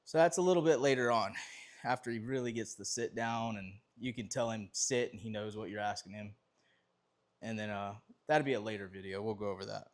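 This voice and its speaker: Relaxed, rambling man teaching dog obedience. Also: fairly low pitch, brisk. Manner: relaxed, rambling explanations with restarts and fillers. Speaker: dog trainer. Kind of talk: casual training demonstration.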